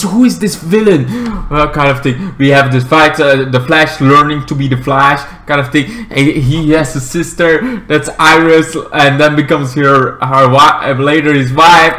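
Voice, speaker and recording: A young man hosting a casual vlog recap, rambling, swearing and breaking into sudden shouts and squeals. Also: a little high, unhurried, echoey room, noisy background. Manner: loud, erratic bursts of shouting and squealing; swears freely, rambling with fillers. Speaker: YouTube recap host.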